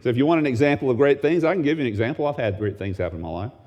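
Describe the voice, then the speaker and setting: A male pastor delivering a sermon in a mid-pitched voice. He swings widely from low, hushed asides up to sudden high, excited exclamations, animated throughout. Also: rapid-fire, dull audio.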